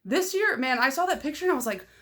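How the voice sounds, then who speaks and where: A woman's voice: high voice, fast talker. Chatty, rambling young woman vlogger. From Michigan. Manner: chatty, rambling, lots of "like" fillers; excitable and loud, laughs often. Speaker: nail polish vlogger. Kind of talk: casual vlog chat.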